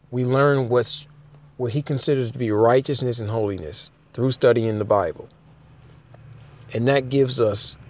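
Mellow and mid-pitched, a man's voice works through an informal sermon, frequently restarting his thoughts and reading aloud from the King James Bible.

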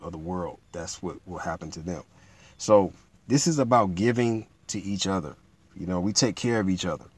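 A man preaching in a relaxed, conversational way, repeating himself and building to emphatic peaks. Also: lowish voice. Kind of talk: informal sermon teaching.

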